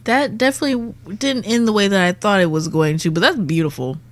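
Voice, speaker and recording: A woman's voice: medium pitch, quick pace. A woman comedian, a podcast guest, talking in blunt, crude, teasing casual chat.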